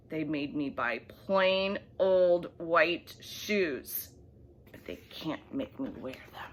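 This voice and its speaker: Lively woman reading a bedtime story. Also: deep voice, slow pace, slight background noise. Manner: expressive, animated storybook reading with soft hushed asides. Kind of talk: bedtime story read aloud.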